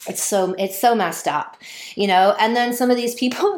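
A woman in a profane, sarcastic ranting monologue who mocks others in high, whiny voices. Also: sing-song, brisk, a little mellow, echoey room.

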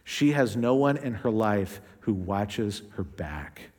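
A male pastor preaching a sermon in a conversational way, acting out quotes with shifting pitch and pace. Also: expressive, takes it slowly, a little mellow, long reverb tail.

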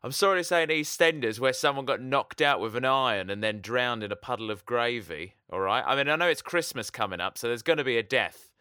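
A man chatting casually with a bright, forceful voice. His tone is crisp and clean. The sound is dry and close with no room echo. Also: medium pitch, a little fast, hardly any pauses. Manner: joking, banter-heavy, hesitant fillers. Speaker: podcast co-host. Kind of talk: casual chat.

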